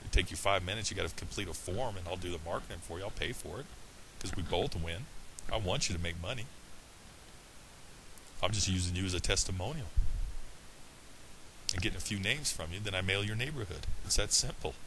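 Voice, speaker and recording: A man's voice: low voice, brisk, background noise. A middle-aged man giving an earnest, blunt pep talk to his business club, emphatic and full of restarts. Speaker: online business coach. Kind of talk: direct-to-camera pep talk.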